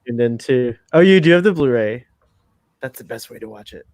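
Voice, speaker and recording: A man's voice: mid-range voice, lively intonation, normal speed, a little mellow. A man co-hosting a casual fan commentary, playful and chatty, often laughing at what he sees. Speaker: podcast co-host.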